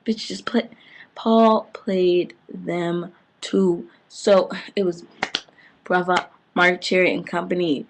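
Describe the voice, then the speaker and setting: A woman excitedly recapping a TV episode in casual slang, breaking into loud outbursts. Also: on the low side, slow. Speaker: TV fan reviewer.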